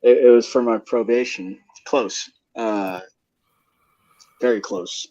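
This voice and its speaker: A man's voice: medium pitch, fairly even intonation, slow pace, dark tone, dry recording. Rambling young man telling a story. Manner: rambling, laughing, heavy slang and swearing. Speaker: panelist. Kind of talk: casual storytelling. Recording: dull lo-fi live stream audio.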